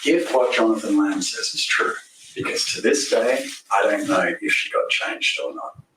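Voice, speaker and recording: A man's voice: fairly low pitch, moderate pace. Rambling man in an echoey interview room. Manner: rambling, acts out others' lines. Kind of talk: recounting events in a police interview. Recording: echoey room, distant mic, faint hiss.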